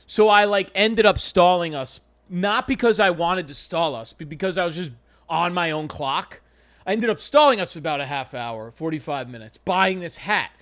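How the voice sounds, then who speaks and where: A man's voice: high voice, moderate pace, a bit bright. A young man on a comedy podcast, rambling through a funny story, swearing casually and acting out what people said. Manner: rambling anecdotal, swears casually, acts out quotes. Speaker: podcast co-host.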